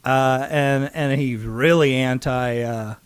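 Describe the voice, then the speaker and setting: A man co-hosting a casual podcast, telling stories in an animated way and mimicking other people's voices. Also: takes it slowly, clear, resonant tone, dry recording. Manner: animated storyteller, mimics voices with big pitch jumps. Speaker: podcast co-host.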